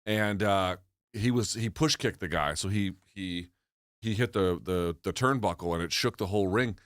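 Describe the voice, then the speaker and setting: A man's voice: low voice, normal speed, fairly bright tone, dry recording. A man co-hosting a studio talk show, swearing freely, telling stories and arguing with the others. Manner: profane, storytelling, argumentative. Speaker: podcast co-host. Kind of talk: casual studio chat.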